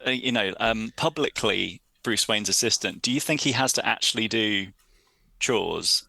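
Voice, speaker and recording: Man, podcast regular, lowish gravelly voice, bright, dry sound, halting starts. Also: no room sound. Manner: halting, repeats words at the start. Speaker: podcast regular, merch expert. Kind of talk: casual podcast chat.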